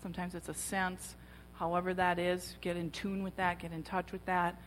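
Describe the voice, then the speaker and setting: This woman tells her testimony as a sermon to a church women's gathering, taking on other people's voices along the way. She speaks at normal speed in a lowish, flat delivery, with a faint hiss or hum under the long reverb of a large hall.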